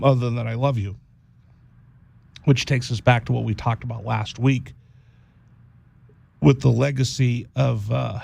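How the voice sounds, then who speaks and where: A man hosting a radio show, speaking in a halting, heartfelt monologue, often repeating words and close to tears. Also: mid-range voice, gravelly, darkish tone. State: teary-eyed. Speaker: radio host.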